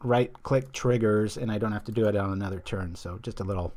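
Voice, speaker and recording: A man's voice: lowish voice, a little fast, a little mellow. A man hosting a stream, chatting casually and rambling as he plays a card game and reads viewer comments aloud. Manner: chatty, rambling, loses his train of thought. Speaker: stream host.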